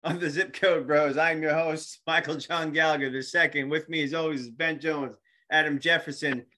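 A man with a Long Island accent hosting a casual podcast chat, playful and quick to laugh, repeating phrases for effect. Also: fairly high pitch, steady tone, pushed and bright. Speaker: podcast host.

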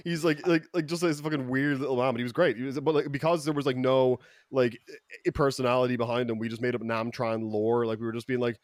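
A man's voice: mid-range voice, steady tone, quick pace, no echo, studio quality. A young man telling rambling, profane stories in a casual podcast chat, full of fillers and restarts. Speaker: podcast co-host.

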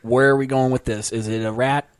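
A man co-hosting a comedy podcast, leading an improv scene and quick to laugh. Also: mid-range voice, fairly even intonation, smooth, dry recording, clean studio sound.

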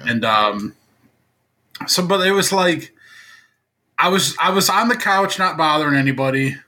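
Bright-voiced man telling a rambling story. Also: on the high side, animated, measured pace. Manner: rambling storyteller, many filler words. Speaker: podcast co-host. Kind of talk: casual chat.

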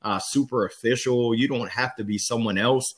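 A man imitating his business partner, jumping up into a high, disbelieving, animated voice. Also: normal speed, close to an everyday voice. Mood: incredulous. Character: excitable male friend and business partner, incredulous.

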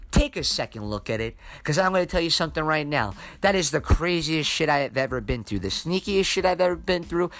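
A man's voice: on the high side, fairly bright tone. A young man hosting a podcast, telling a story in a rambling, profane, emphatic way. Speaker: podcast host. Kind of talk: casual storytelling monologue.

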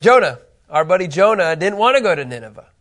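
A man with a fairly high voice leads a relaxed Bible lesson in a classroom. He talks in a chatty way, throws questions to the group and restarts his phrases as he goes. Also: quick pace. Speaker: Bible teacher. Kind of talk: casual classroom Bible teaching.

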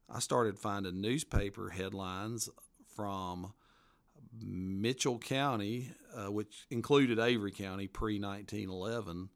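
A man, an author being interviewed, telling local history in a folksy, rambling way. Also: fairly low pitch. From western North Carolina mountains. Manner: folksy, rambling, laughs at his own stories. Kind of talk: casual storytelling interview.

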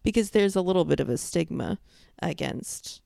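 A woman's voice: lowish voice, moderate pace, creaky, dry recording, studio quality. A young woman from New York, co-hosting a podcast, telling stories bluntly and with energy in casual chat. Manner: blunt, animated storyteller. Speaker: podcast co-host.

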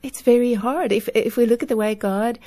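Woman, mellow warm voice, faith-based parenting talk, laughs often. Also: on the high side, moderate pace. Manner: animated, laughs often, acts out children's voices. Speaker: parenting podcast guest expert. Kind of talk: casual Christian parenting talk.

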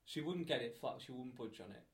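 A man's voice: medium pitch, lively intonation, fast, slight background noise. A man telling crude, laughing anecdotes in a casual chat.

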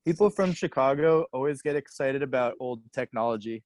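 A man hosting a comedy podcast, dropping deadpan interjections. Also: medium pitch, brisk, dry recording. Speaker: podcast host. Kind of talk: casual comedic chat.

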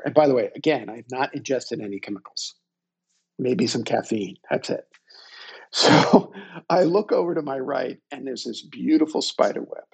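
Gravelly, husky middle-aged man. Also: mid-range voice, darkish tone. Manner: reflective, unhurried, self-deprecating. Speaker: guest. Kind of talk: personal storytelling.

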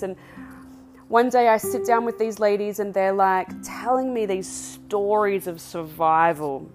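A woman's voice: medium pitch, moderate pace, over music. A woman hosting a podcast, telling her own faith testimony in a candid, emotional way. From Australia. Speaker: podcast host.

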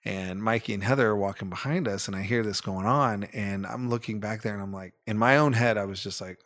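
Rambling low-voiced man hosting a podcast. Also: fast, fairly bright tone. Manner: rambling, self-correcting, fond storyteller. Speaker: podcast co-host. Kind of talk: casual podcast chat.

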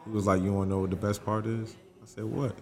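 Deep-voiced man telling a casual story. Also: level tone, quick pace, gravelly, a little mellow, slight background noise.

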